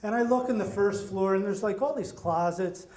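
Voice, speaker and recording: A middle-aged man telling a personal story, animated and acting out the voices of the people in it. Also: high-pitched, normal speed. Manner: animated, acts out quoted voices. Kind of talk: personal story told to an audience. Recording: echoey room.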